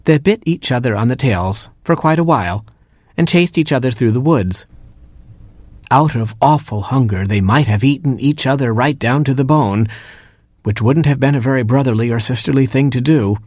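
A man narrating a children's storybook in a playful, expressive way. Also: mid-range voice, normal speed, no echo. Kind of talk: storybook reading.

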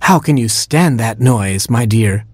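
Earnest, soothing baboon king in a storybook, read by a man, husky voice, dry sound. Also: medium pitch, expressive, a little slow, darkish tone, no room sound. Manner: earnest, therapy-speak sincerity.

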